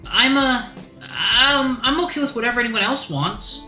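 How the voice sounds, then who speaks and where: A man's voice: very high-pitched, normal speed, pushed and bright, echoey room, faint music behind, pitched above the performer's own voice, heavily acted. A man voicing a shy, timid young male iguana who talks hesitantly and stammers.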